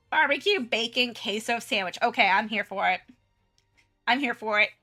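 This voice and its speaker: A giggly young woman chats loosely as she draws on stream, her voice bright and a little high. She restarts often, and faint music plays behind her. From Southern United States. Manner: chatty and giggly, many restarts and fillers. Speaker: art streamer. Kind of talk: casual chat while drawing on stream.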